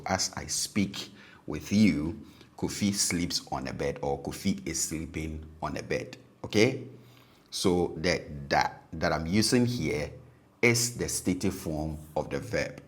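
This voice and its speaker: A man's voice: extremely low pitch, a little slow. A man teaching a language lesson, patiently repeating example sentences and checking in with "okay?".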